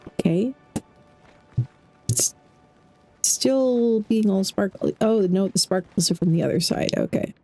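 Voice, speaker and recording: A woman giving casual, chatty let's-play commentary as a game streamer, thinking out loud as she plays. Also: medium pitch, takes it slowly, pauses often, faint music behind. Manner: chatty, thinks aloud while playing.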